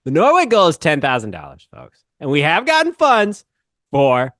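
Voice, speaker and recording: A man's voice: on the high side, huge pitch swings, normal speed, fairly bright tone, dry recording, clean studio sound. A man co-hosting a podcast, chatting casually in a jokey, teasing way. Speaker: podcast co-host. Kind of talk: casual banter.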